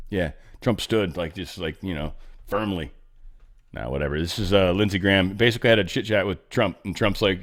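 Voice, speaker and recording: A man's voice: sits low, fairly quick, fairly bright tone. A man hosting casual political commentary, rambling, profane and sarcastic, with mocking asides.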